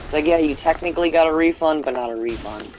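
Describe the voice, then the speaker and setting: A man's voice: on the high side, fast, noisy background. A man giving let's play commentary, ranting and rambling with lots of fillers, restarts and swearing. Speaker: gaming channel host.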